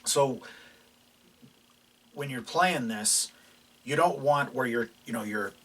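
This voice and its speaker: This guitar instructor speaks slowly in a mid-range voice, teaching a laid-back lesson while he plays. His explanations are loose, packed with fillers and restarts. The mic is distant, picking him up off mic with guitar in the background.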